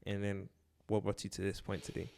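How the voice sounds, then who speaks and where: A man's voice: on the low side, flat delivery, a little fast, creaky, a little mellow. A man hosting a casual interview, talking emphatically and repeating his points. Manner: emphatic, says "bro" a lot, repeats himself. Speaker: host.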